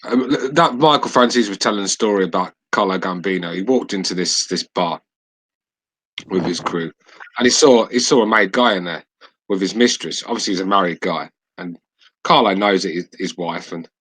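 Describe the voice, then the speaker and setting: A man hosting a podcast, telling stories in a halting way with many restarts. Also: low voice, fairly bright tone, slightly rough, poor audio. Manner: halting, full of fillers and restarts. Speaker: podcast host. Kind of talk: casual chat, storytelling.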